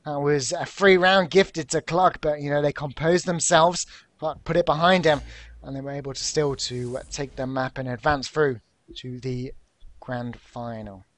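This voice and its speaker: A man casting a live esports match, climbing to loud bursts at big plays. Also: on the high side, steady tone, normal speed. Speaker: esports caster.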